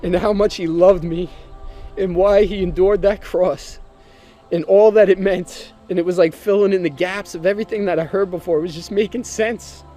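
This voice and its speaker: A man's voice: high voice, fairly even intonation, normal speed, dark tone, soft background music. A man earnestly and emotionally telling his personal testimony, sometimes repeating himself as he speaks.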